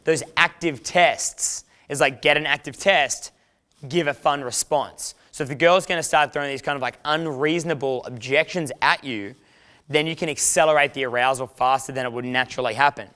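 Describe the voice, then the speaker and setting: A man's voice: mid-range voice, moderate pace, pushed and bright. A man, a dating coach giving a casual, profane instructional talk and acting out quoted lines.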